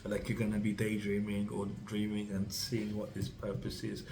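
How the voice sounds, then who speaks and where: A man's voice: lowish voice, completely flat delivery, normal speed, dark tone, a little hiss or hum, poor audio. A man giving a tarot reading to camera, rambling and reassuring, speaking straight to the listener with many fillers and restarts. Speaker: tarot reader.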